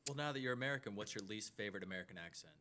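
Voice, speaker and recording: A man co-hosting a casual chat, jumping in with quick questions. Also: on the low side, lively intonation, sharp tone, a little hiss or hum.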